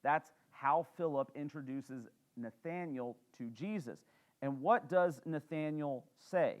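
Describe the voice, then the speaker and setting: A man's voice: a little high, slow. A man, a pastor teaching a sermon in church in a conversational way, with fillers and questions to the congregation.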